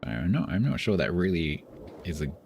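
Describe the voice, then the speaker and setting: A man commenting live on his own gameplay as a streamer, joking and complaining in animated bursts. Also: brisk, vocal fry, a little hiss or hum. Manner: animated, self-pitying, jokey banter with squeaky outbursts. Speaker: game streamer.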